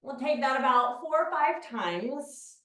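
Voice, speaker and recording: A woman teaching a beginner Pilates class, calmly talking the listener through each movement step by step. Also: sits high, measured pace, faint music behind. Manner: calm step-by-step movement cues. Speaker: Pilates instructor. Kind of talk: guided exercise class. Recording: very echoey room, mic far off.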